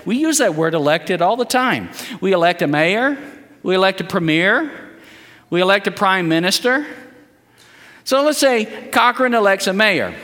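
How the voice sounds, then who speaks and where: A man preaches a sermon, his voice high, bright and lively, rising and falling widely as he drives each point home. He has the congregation repeat statements back to him. The sound carries the long reverb of a church hall. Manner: animated preaching, leads call-and-response statements. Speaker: guest preacher.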